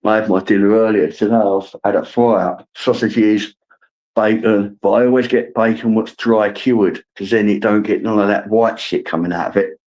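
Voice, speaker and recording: A man's voice: fairly low pitch, steady tone, moderate pace, darkish tone, rough recording. A middle-aged man hosting a casual livestream, greeting viewers by name and swearing freely. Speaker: livestream host.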